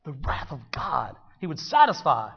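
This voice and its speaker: A man preaching a sermon, swinging dramatically between hushed storytelling and loud, fervent exclamation. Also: on the high side, wildly swooping pitch, moderate pace, gravelly, breathy edge. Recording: dull sound with long hall reverb.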